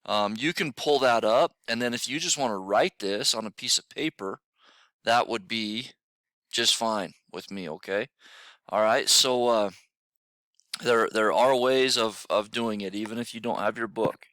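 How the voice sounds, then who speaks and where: A man teaches a recorded middle school lesson, loose and repetitive, full of fillers. He sounds sleepy and admits he is not a morning person. His voice is bright and smooth, close and dry. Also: lowish voice, measured pace, dry recording. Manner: casual, repeats himself, many fillers. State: tired, yawning.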